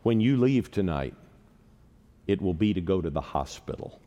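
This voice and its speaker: A man's voice: sits low, animated, normal speed, warm tone, voice pushed down. A man in his sixties quoting a big, drunk young bully in the middle of his sermon. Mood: menacing. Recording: long reverb of a large hall.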